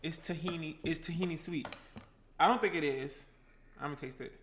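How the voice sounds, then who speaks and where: A playful man with a high, bright voice and chats loosely while he cooks. He talks to his viewers in a chatty, joking way. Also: fairly quick, a little hiss or hum. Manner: chatty, playful, breaks into singing and rapping. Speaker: cooking vlogger. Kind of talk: casual chat while cooking.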